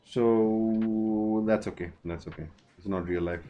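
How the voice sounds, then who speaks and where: A man streaming a football management game, chatting casually and haggling out loud with the players he signs. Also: fairly low pitch, fairly even intonation, a little slow, muffled recording, soft background music. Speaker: gaming streamer.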